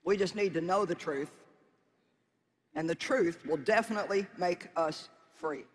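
A man's voice: sits high, measured pace, long reverb tail. A man preaching a sermon in a folksy, conversational way, with emphatic exhortations.

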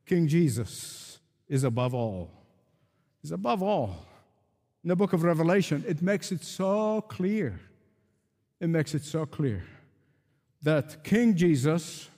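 A man's voice: fairly high pitch, a little mellow. A man preaching a sermon with emphatic, repeated rhetorical refrains. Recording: long reverb of a large hall.

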